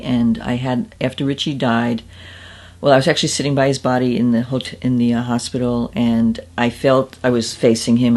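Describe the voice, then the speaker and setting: Gravelly-voiced woman telling her story. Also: a bass voice, darkish tone. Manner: candid, self-deprecating, conversational. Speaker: psychic medium. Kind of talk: interview storytelling.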